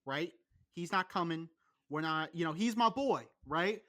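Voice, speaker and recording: Young man, podcast host, high voice, bright and forceful, swears a lot, rambles. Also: measured pace. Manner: profane, rambling, excitable. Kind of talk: casual podcast banter.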